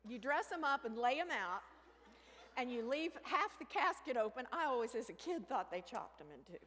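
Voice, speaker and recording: A woman telling a comic story on stage, animated, with sudden shrieks and hushed asides. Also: fairly high pitch, moderate pace. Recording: reverberant hall with faint ambience.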